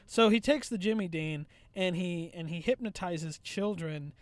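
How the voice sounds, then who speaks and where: A man co-hosting a podcast, chatting casually in an animated, rambling way with lots of swearing and restarts. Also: high-pitched, a little slow, no room sound. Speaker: podcast co-host. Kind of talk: casual chat. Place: outdoors at a bridge.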